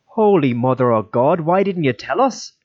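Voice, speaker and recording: A man voicing an excitable, loyal young rebel who speaks in urgent exclamations, recorded with a dull, lo-fi sound. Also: mid-range voice, normal speed, no room sound, voice pushed up, close to an everyday voice. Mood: alarmed.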